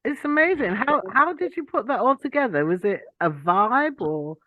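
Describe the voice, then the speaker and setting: A woman hosting a casual interview, enthusiastic and quick to laugh. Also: a little high, lively intonation, no echo. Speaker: podcast host. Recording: dry phone-like call audio.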